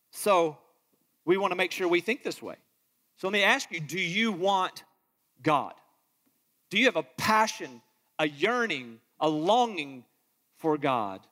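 A man with a high voice preaches a sermon from the pulpit. He reads scripture with passion and acts out the voices he quotes, while his words ring out with a long reverb through a large hall. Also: fairly bright tone. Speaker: pastor.

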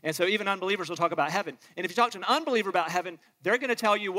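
A man with a high voice preaches a sermon from the pulpit. He reads scripture with passion and acts out the voices he quotes, while his words ring out with a long reverb through a large hall. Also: racing, sharp tone. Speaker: pastor.

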